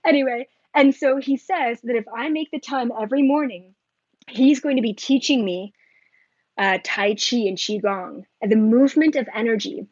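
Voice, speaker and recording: A spiritual vlogger with a fairly high voice rambles excitedly in a casual monologue to her viewers, filling her talk with "like" and quick asides. The recording is dry and slightly dull, with no room sound.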